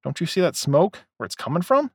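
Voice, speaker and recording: A man's voice: a little high, very animated, fairly quick, husky, dry recording, pitched above the performer's own voice, full character voice. Man voicing blunt warehouse veteran, matter-of-fact, wary, dry close sound.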